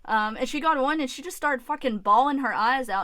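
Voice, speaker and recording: A young woman talks straight to camera in a candid storytime vlog, emotional and open, with frequent restarts and casual swearing. Her voice sits a little high, and the sound is dry and close. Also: moderate pace, hardly any pauses, a bit bright, no echo. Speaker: YouTuber.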